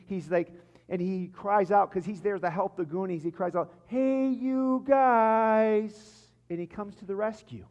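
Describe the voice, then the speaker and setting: A man's voice: high voice, a little mellow, muffled recording. A man preaching a sermon as a pastor, telling stories with frequent restarts. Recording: long reverb of a large church hall.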